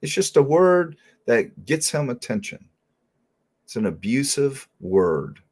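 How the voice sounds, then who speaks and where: A man's voice: medium pitch, big pitch swings, slow, a little mellow, breathy edge. A man hosting a crime talk stream, speaking in an emphatic, indignant way. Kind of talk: casual live-stream talk.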